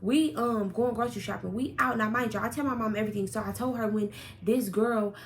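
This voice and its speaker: Young woman spilling tea on camera, kinda high voice, cusses a lot, gets loud outta nowhere, faint room noise. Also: steady tone, a little fast. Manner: blunt, profane, dramatic retelling with sudden loud outbursts. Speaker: storyteller vlogger. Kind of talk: casual storytime chat.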